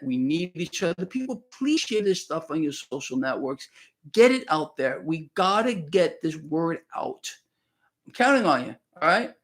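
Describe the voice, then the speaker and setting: A man with a slightly high voice hosts a live stream from his home. He talks to his viewers in a loose, emphatic way, repeating phrases for weight and dropping "man" into his sentences. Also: a bit bright. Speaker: market commentator host. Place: home in Florida.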